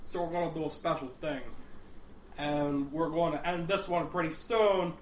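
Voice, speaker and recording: A man's voice: on the high side, steady tone, moderate pace. A man co-hosting a podcast, telling rambling stories and swearing freely in casual chat. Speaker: podcast co-host. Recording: echoey room.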